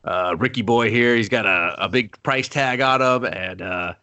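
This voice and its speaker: A man's voice: medium pitch, moderate pace, pushed and bright, smooth. A man co-hosting a casual movie review podcast, joking with lots of swearing and mocking the characters' lines in silly voices. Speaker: podcast co-host.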